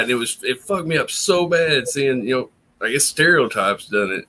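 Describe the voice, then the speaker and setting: A man's voice: mid-range voice, lively intonation, brisk, sharp tone, slight background noise. A man chatting casually on a late-night stream, telling anecdotes with plenty of swearing. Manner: profane, anecdotal.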